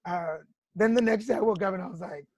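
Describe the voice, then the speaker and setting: A woman's voice: mid-range voice, quick pace, a little mellow, husky, dry recording. A woman hosting a podcast, telling personal stories frankly with swearing and laughter. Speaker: podcast host. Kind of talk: candid casual chat.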